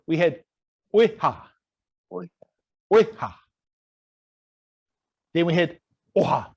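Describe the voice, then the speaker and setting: Brief: a male New language teacher, playful and a touch high-voiced, drilling words over a video call. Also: animated, slow, vocal fry, husky, lo-fi sound. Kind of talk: online language lesson.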